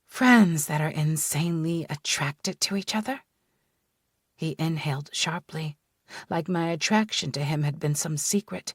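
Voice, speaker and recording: A woman reads a first-person romance audiobook at a slow, unhurried pace. Her voice sits a little low, and the studio sound is dry and close. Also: no room sound. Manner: measured, unhurried storytelling. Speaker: audiobook narrator.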